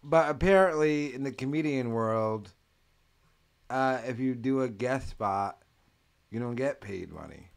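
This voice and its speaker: Mid-pitched male host who recaps stories emphatically for the audience. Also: lively intonation, measured pace, creaky. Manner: emphatic, explaining for listeners. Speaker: podcast host. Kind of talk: casual podcast chat.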